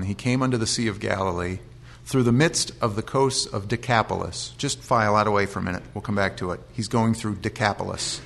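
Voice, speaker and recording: A middle-aged man teaching from the Bible in a relaxed, conversational way. He reads scripture aloud, then unpacks it in plain, everyday language. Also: mid-range voice. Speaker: pastor.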